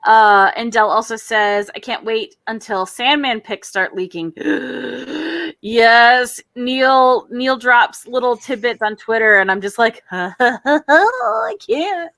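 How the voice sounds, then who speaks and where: A woman's voice: fairly high pitch, fairly even intonation, a little slow, few pauses, a bit bright, dry recording. A woman in her thirties hosting a casual drawing stream, chatty and self-deprecating, often laughing as she talks. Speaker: stream host. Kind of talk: casual chat while drawing.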